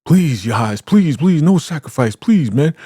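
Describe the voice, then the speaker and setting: A man's voice: a little high, sing-song, moderate pace, mellow, husky, dry recording, clean studio sound, pitched above the performer's own voice. A man doing a frantic pleading captive. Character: desperate man begging for his life.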